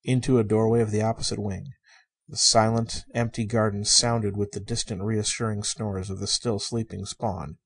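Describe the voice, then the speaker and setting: A man reading a story aloud in the first person, in a measured, emotive way. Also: lowish voice, level tone, vocal fry, husky. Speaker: audiobook narrator.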